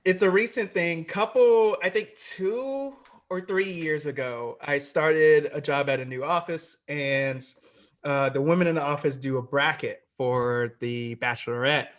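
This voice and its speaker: A comedian talking as a podcast guest, telling a story with lively swearing and bursts of shouting. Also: male voice, fairly high pitch, a little slow. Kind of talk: casual chat.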